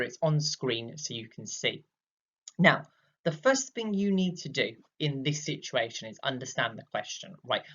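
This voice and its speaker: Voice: mid-range voice, fairly bright tone, lo-fi sound. A British drama teacher talking a class step by step through an exam question in a recorded lesson, checking in with "okay?" as they go.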